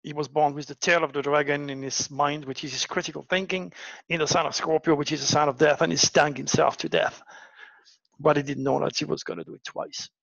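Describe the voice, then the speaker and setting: A man's voice: a little high, fairly even intonation, brisk, vocal fry, fairly bright tone, no room sound, highs cut off. A man telling a personal story in a dramatic monologue, often repeating words for emphasis. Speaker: astrology show host.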